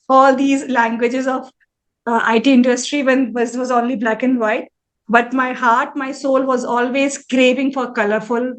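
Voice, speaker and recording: A woman in her forties, an interview guest, telling her story earnestly and reflectively to a live audience, often restarting phrases. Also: high-pitched. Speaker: interview guest, mandala artist.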